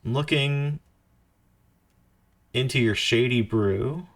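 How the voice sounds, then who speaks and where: A man's voice: mid-range voice, slow. A young man streaming a game for the first time, joking and reading dialogue choices aloud. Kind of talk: casual let's-play commentary.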